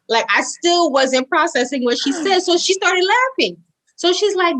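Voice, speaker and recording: A woman's voice: moderate pace, poor audio. A young woman telling a personal story as a podcast guest. She talks casually, with plenty of fillers. When she acts out what others said, her voice jumps way up. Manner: animated storyteller, acts out quoted voices with big pitch jumps; casual, says "like" and "girl" often. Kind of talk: storytelling interview.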